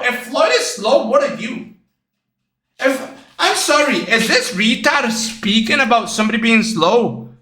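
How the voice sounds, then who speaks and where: A man streaming casual reaction commentary, excitable and blunt, repeating himself and swearing as he explains technique. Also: very high voice, very echoey, distant mic.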